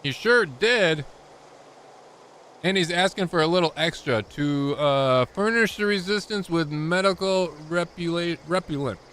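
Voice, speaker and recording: Young male streamer, crude jokes, bright forceful voice, pitched a little high. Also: unhurried, a little hiss or hum. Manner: joking, crude, rambling. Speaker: game streamer. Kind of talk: live gameplay commentary.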